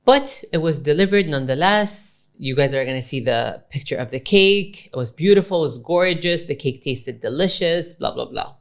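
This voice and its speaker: A woman co-hosting a podcast, telling a long story in animated casual chat and switching between English and Arabic. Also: low-pitched, normal speed, hardly any pauses. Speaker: podcast co-host.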